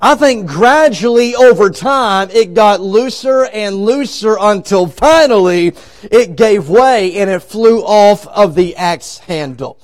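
A man's voice: high-pitched, expressive, slow. A man preaching a revival sermon from a church pulpit as an evangelist, pressing his points and calling out to the congregation. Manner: preaching with rising and falling emphasis, calling on the congregation. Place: church sanctuary.

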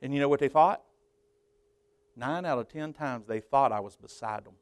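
A man preaching from a church pulpit, swinging between loud, high-pitched emphasis and quieter conversational asides. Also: normal speed, no room sound. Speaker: pastor. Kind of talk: sermon.

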